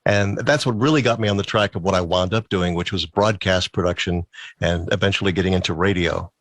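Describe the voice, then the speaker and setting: Low-voiced, chatty male interview guest. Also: a little fast, no room sound. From Massachusetts. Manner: talkative, chuckling storyteller. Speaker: guest, musician and former DJ. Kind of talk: casual interview storytelling.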